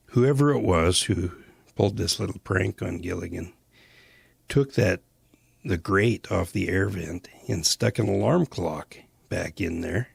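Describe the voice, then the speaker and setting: Deep, gravelly older man reminiscing. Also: no echo. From Western United States. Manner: unhurried, rambling, many "uh" pauses. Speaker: storyteller recalling mission days. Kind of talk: casual spoken reminiscence.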